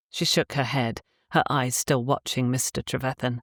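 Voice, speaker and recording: A woman narrates a romance audiobook in a low, measured voice. Her delivery is steady and even. The recording is dry and close, with no room echo. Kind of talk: scripted narration.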